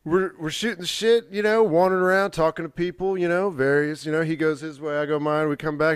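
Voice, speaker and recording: A young adult man, a podcast co-host, tells a long, profane story casually in a fairly high voice, fast and with few pauses. The tone is clean, with no echo and clean studio sound, and his rambling, animated retelling acts out the quoted dialogue.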